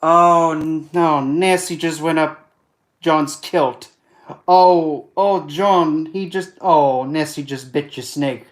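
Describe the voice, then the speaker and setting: A man putting on a Scottish accent to voice a frantic Scotsman loudly yelping in panic. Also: a little high, takes it slowly, voice pushed up. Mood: panicked. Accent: put-on Scottish. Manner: loud, panicked exclamations. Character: frantic Scottish man watching a monster attack.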